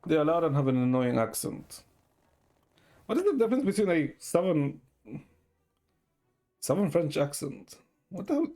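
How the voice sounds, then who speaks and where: A man's voice: on the high side, very animated, moderate pace, pauses often, dark tone, soft background music. A man streaming a game, chatting casually with his chat while he plays.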